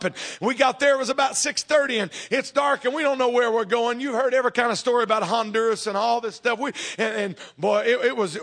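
Animated high-voiced man preaching. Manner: animated storyteller acting out dialogue, shifts from shouting to hushed. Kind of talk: sermon storytelling.

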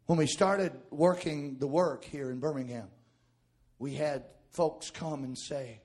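Preacher swinging from hush to shout. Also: male voice, a little high, unhurried. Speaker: pastor. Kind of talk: sermon.

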